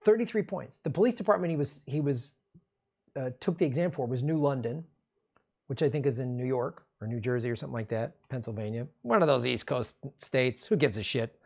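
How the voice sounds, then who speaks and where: A man's voice: fairly high pitch, warm tone, lo-fi sound. A man hosting a political commentary show, ranting in an angry, sarcastic and profane way.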